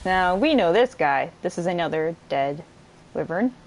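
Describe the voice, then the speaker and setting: A woman's voice: on the low side, moderate pace, low-quality recording. Woman doing a let's play, swings up and down a lot, giggly and sweary, faint hiss under it. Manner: excitable, giggly, swears freely, talks to viewers and enemies. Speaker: gamer streamer.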